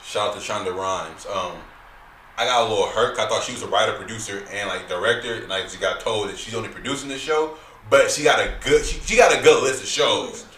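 Low-voiced but fairly bright, this podcast host talks fast in a loose, jokey, slang-heavy casual chat. A distant mic captures the roomy space along with a faint hiss.

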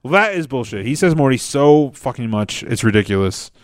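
A male podcast co-host in loose, profane chat who keeps jumping into excited quoted voices. He sits close to a dry, deadened mic. His voice sits in a middle range. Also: medium pitch, no echo. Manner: profane, quick bursts into animated quoted impressions. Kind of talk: casual chat.

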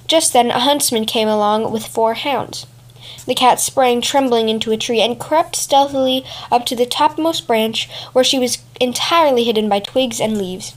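A woman's voice: fairly high pitch, normal speed. A young woman hosting a podcast, reading fairy tales aloud and adding wry, chatty asides. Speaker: podcast host and reader.

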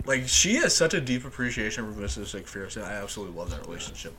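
A man hosting a casual chat, excitedly quoting lines and laughing often. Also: on the low side, quick pace, few pauses, slight background noise. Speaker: podcast host.

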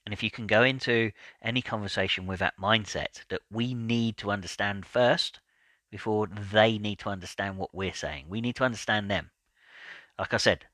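Calm, measured man with a bright, dry voice. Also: fairly low pitch, no room sound. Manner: repeats words while thinking. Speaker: podcast host. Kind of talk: solo podcast talk.

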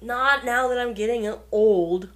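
A woman's voice: fairly high pitch, measured pace. A woman co-hosting a podcast in casual chat, crude and laid-back, laughing often. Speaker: podcast co-host.

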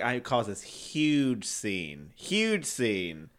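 A young man chatting on a podcast, his voice rising and falling a lot as he tells a story. He laughs often and jumps into squeaky, pleading voices when he quotes himself as a child. The talk is relaxed and casual. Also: takes it slowly, few pauses. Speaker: podcast co-host. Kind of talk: casual chat.

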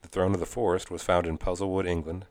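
Deep voiced guy on a gaming podcast, laid back, reads the headlines. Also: flat delivery, fast, a little mellow, dry recording. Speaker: podcast co-host reading news. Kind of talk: casual chat.

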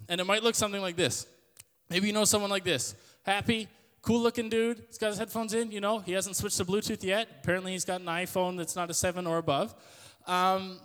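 A young man giving a loud, joking youth sermon to an audience in a church hall. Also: sits high, smooth. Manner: loud, joking, self-deprecating storyteller. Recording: long hall reverb.

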